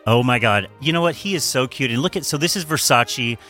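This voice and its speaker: A man co-hosting a chatty podcast in a playful, campy way. His voice is bright and forward, with faint music underneath. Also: mid-range voice, animated, fairly quick. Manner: playful, campy, laughs often. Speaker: podcast co-host. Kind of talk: joking casual chat.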